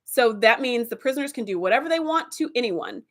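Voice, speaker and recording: An animated woman hosting a vlog, telling episode plots in a casual, rambling way. Her voice sits fairly high and she fills her talk with "like" and "um.". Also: a little fast. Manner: animated, chatty, with fillers and laughs. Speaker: TV episode reviewer.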